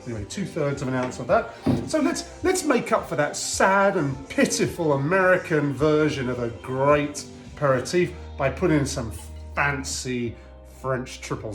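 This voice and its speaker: A man hosts a casual home cocktail demo, chatting in a rambling, joking way as if to an old friend. His voice sits a touch high for a man. The room rings with echo, and faint music plays underneath. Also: fairly bright tone. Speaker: home cocktail video host.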